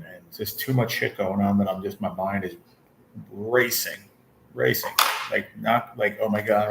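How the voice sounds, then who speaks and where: Gravelly, blunt man in his forties. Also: deep voice, noisy background. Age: 40s. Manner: blunt, profane venting; talks straight to viewers and chat. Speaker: channel host. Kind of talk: casual livestream chat.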